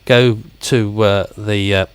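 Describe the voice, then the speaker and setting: A man's voice: fairly low pitch, steady tone, slow, clean tone, dry recording. A man hosting a live-stream interview, friendly and rambling with frequent hesitations. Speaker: live-stream show host. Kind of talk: casual interview chat.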